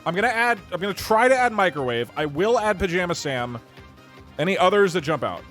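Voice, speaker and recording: A man's voice: sits high, sing-song, brisk, a bit bright, faint music behind. A man streaming live, chatting casually and thinking aloud with frequent restarts.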